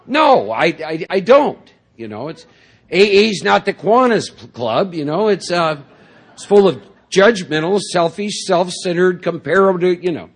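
A man's voice: high voice, animated, normal speed, breathy edge. A middle-aged man speaking to a large audience at a recovery meeting, telling his story in a rambling way full of "you know" and "see?". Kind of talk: personal recovery talk to a group.

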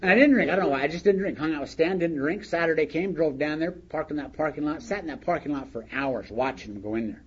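A man telling his story to an audience in a wry, animated way, laughing along as he goes. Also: a little high, quick pace, hardly any pauses, breathy edge, lo-fi sound. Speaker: speaker sharing his recovery story.

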